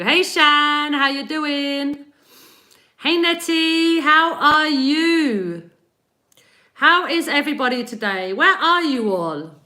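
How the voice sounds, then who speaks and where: Her voice is high-pitched, expressive, pushed and bright, and she takes a slow pace. She's a British spiritual reader livestreaming from her Spanish home, casually chatting, often laughing and welcoming viewers by name.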